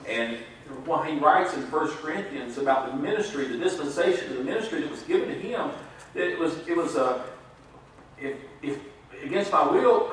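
A man's voice: a little high, expressive, moderate pace, slight background noise. A man preaching a sermon in a folksy storytelling way, laughing at his own jokes. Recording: echoey hall, mic far off.

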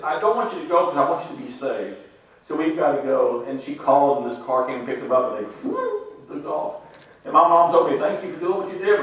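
A man giving a lively testimony to a congregation, quoting scripture and laughing as he tells his stories. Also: fairly high pitch. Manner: animated storytelling, quotes scripture, laughs often. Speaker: church member giving testimony. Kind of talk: sermon-like testimony. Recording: echoey hall, speaker far from mic.

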